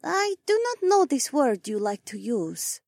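A man voicing a calm female alien guide who speaks stiffly and formally, without contractions. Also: very high-pitched, unhurried, vocal fry, no echo, studio quality, pitched above the performer's own voice, full character voice.

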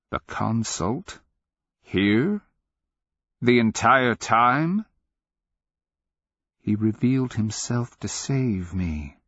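Deep voiced guy reading an audiobook, slow and grave, dry dull studio sound. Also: a bit bright, dry recording. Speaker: audiobook narrator. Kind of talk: scripted narration.

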